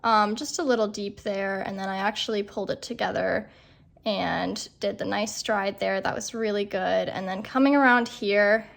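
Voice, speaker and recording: A woman's voice: mid-range voice, steady tone, normal speed, creaky. A young woman vlogger and rider, talking in a chatty, self-deprecating way with lots of "like". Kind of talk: casual vlog voiceover and on-camera chat.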